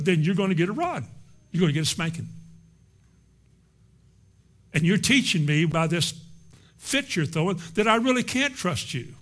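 A middle-aged preacher delivers his sermon with a voice pitched a little high for a man. He hammers each point home by repeating it, in plain, folksy words. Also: animated, moderate pace, long pauses, a bit bright. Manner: emphatic, repetitive, folksy preaching.

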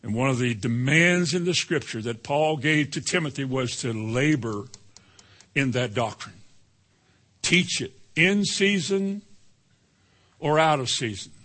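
A man preaching a sermon in a folksy, animated way, breaking into sudden high exclamations. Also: a little slow, pauses often. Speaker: pastor.

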